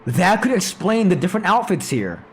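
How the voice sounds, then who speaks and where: A man streaming a visual novel playthrough live, theorizing aloud in an excitable, profane way. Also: high voice, normal speed, slight background noise.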